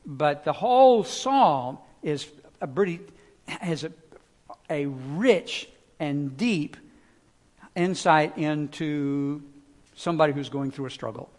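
A man preaching a sermon, alternating loud pleading phrases with quiet, low emphasis, in a conversational way with fillers and restarts. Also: animated, measured pace. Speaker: pastor.

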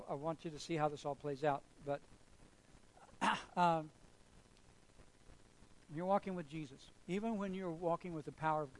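Male pastor, sermon delivery, slightly high voice, emphatic repetition. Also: slight background noise, low-quality recording. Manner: emphatic, storytelling, repeating phrases for effect.

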